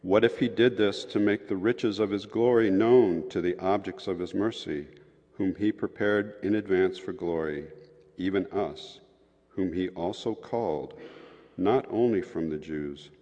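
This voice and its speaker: A man giving a formal scripture reading in a measured, solemn way. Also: low-pitched, dark tone. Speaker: scripture reader. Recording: muffled, echoey hall sound.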